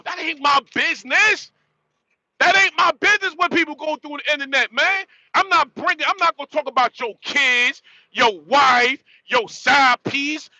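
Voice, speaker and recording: A man's voice: very high-pitched, sharp tone, no room sound, poor audio. A man ranting bluntly on a live stream, repeating himself and ending phrases with "man". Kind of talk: casual live-stream rant.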